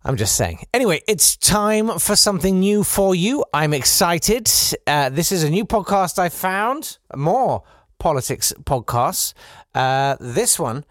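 A man hosting a comedy podcast, delivering a sardonic satirical monologue, swinging between loud bursts and quiet asides. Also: high-pitched, very animated, a little slow, hardly any pauses, no echo, clean studio sound.

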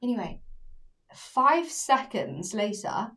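A young woman co-hosting a podcast, telling stories in casual chat with lively swearing. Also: mid-range voice, slow pace, far from the mic. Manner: animated storytelling, swears freely. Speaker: podcast co-host.

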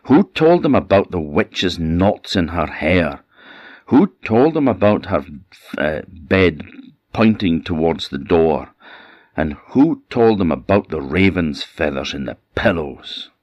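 A man with an Orcadian accent voicing a spiteful old witch in a storybook tale, ranting in shrill questions. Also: very animated, slow pace, darkish tone, dry recording, lo-fi sound, heavily acted. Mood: furious. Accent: Orcadian Scots.

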